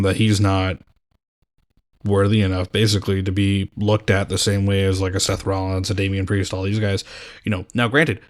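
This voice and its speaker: A tired man co-hosting a wrestling podcast, chatting casually in a laid-back way with many fillers. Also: lowish voice. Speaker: podcast co-host. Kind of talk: casual chat.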